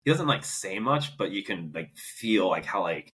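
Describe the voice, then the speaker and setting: Young male podcast co-host, low and husky, casual and halting. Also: very animated, a bit bright. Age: young adult. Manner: hesitant, lots of "like" and restarts, laughs easily. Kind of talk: casual movie discussion.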